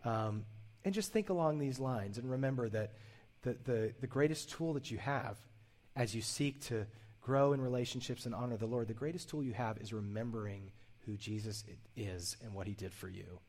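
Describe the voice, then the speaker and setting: A man's voice: mid-range voice, moderate pace, darkish tone. A man delivers a sermon to his congregation. He talks in an earnest, conversational way, often restarting a phrase before pressing on. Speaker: pastor.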